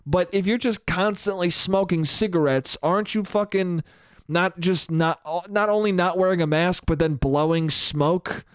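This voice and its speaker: A man's voice: high-pitched, moderate pace, clean tone, no echo, clean studio sound. A young man from the United States hosting a casual solo podcast, ranting and swearing freely as he acts out the people in his stories. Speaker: podcast host.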